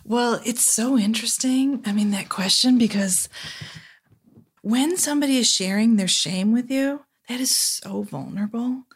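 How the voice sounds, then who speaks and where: A woman's voice: on the high side, normal speed, husky. Reflective woman therapist talking. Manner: reflective, often tags points with "right?". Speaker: therapist guest. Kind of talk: casual podcast conversation.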